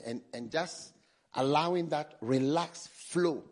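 A man preaching a sermon, repeating key phrases slowly for emphasis and swinging between hushed and loud passages. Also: a little high, lively intonation, slightly rough.

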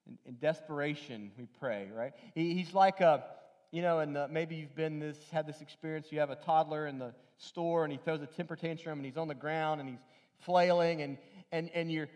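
High-voiced man preaching earnestly. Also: normal speed, darkish tone. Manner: earnest, with many restarts and repeated phrases for emphasis; acts out quoted lines in a raised, pleading voice. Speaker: pastor. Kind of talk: sermon.

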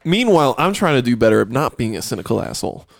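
Sarcastic man with a lively voice. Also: medium pitch, fast, vocal fry, dry recording, studio quality. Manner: sarcastic teasing, swears. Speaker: podcast co-host. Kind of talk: casual crude banter.

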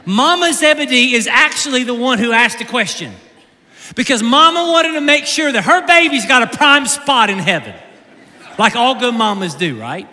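A man preaching in a high, sharply bright voice that swings widely up and down, joking with the congregation and doubling back on his words. The sound rings with the long reverb of a large church hall. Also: normal speed. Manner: animated, joking, repeats words mid-sentence. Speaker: pastor. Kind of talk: humorous sermon.

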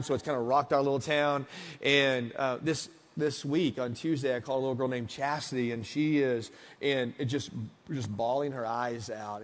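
A man in his thirties preaching a conversational sermon, moving between hushed asides and emphatic passages. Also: mid-range voice. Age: 30s. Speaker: pastor. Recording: long hall reverb.

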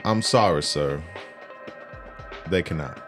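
A man playing a tabletop game in character, speaking in a slow, coaxing, quietly menacing way. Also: extremely low pitch, over music. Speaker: player. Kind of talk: in-character tabletop role-play.

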